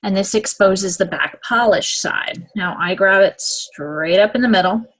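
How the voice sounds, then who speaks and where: A woman's mid-range, slightly bright voice moves at a measured pace through a casual nail application demonstration. She's chatty, giving step-by-step instructions and asking "okay?" often.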